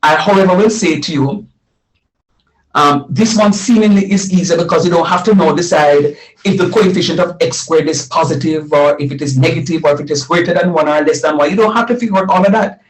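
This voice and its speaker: A man's voice: fairly high pitch, brisk, poor audio. A middle-aged man teaching a live math lesson, repeating phrases and quizzing his students as he explains.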